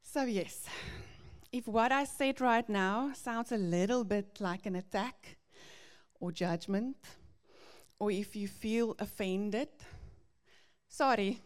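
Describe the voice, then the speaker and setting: A woman giving a devotional teaching to parents, earnest and gently confessional as she reads out Bible verses. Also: mid-range voice, slow.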